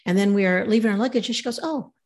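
A woman telling a travel story in a casual, animated way, acting out the voices of the people in it. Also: medium pitch, rapid-fire.

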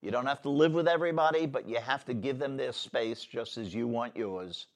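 A man's voice: medium pitch, fairly quick. A man hosting a casual political talk show, rambling and blunt in a folksy way. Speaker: show host.

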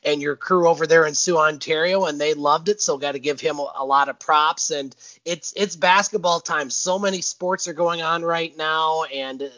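A man's voice: fairly high pitch, normal speed, few pauses, sharp tone, muffled recording. A man co-hosting a sports talk show, chatting in a friendly, easygoing way. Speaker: podcast co-host. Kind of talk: casual sports chat.

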